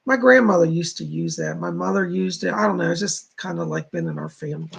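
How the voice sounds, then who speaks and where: Gravelly-voiced man chatting on a livestream. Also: a little high, fairly bright tone. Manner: chatty, rambling, reads chat aloud. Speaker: livestream host and psychic. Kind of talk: casual livestream chat. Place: home studio.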